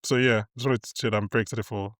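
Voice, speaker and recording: A man's voice: on the low side, fairly even intonation, very fast, no room sound. A man hosting a podcast in casual chat, rambling with lots of fillers and laughs, on a close mic. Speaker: podcast host.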